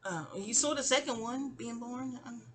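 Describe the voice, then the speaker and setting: New girl spilling a story, bright kinda edgy tone, keeps going off on tangents. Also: a little high, normal speed. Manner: digressive, chatty, trails off with asides. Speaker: audio diarist. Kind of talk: casual storytelling.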